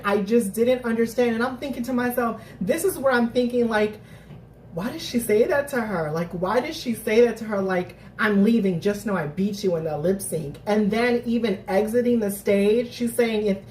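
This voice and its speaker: A woman's voice: on the high side, moderate pace, slight background noise. Chatty woman streamer in a roomy space. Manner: animated, chatty, thinks out loud with many restarts and bursts of laughter. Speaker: host of a live recap stream. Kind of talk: casual chat to viewers. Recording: roomy, distant mic.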